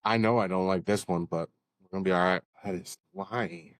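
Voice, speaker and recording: A man's voice: sits low, steady tone, a little fast, no echo. A man co-hosting a podcast, telling long rambling stories with laughs and curses in casual chat. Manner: rambling storyteller, swears, laughs often. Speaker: podcast co-host. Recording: dull dry lo-fi sound.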